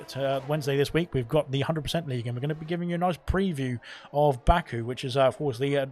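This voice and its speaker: A man's voice: medium pitch, a little mellow. A man giving live commentary on an online racing league, rambling with many fillers and self-corrections. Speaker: esports race commentator.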